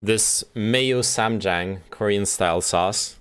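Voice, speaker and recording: A man with a lowish voice talks loosely to his stream audience, swearing and chuckling as he goes. His delivery is casual and offhand, as if he is eating while he talks. He sounds relaxed and talkative. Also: slow, clean tone. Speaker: livestreamer reacting to a video. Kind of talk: casual chat.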